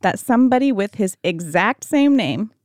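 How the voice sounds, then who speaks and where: A woman's voice: moderate pace, dry recording, studio quality. A young woman co-hosting a casual podcast, telling stories expressively and laughing often. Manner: expressive storytelling with big pitch swings, giggly. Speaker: podcast co-host. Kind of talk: casual chat.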